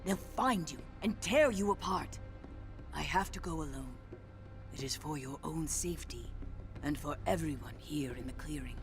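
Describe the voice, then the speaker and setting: A woman voicing a stern, worried older male mouse uncle in a video game's storybook narration, speaking gravely and protectively. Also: low-pitched, normal speed, music in the background.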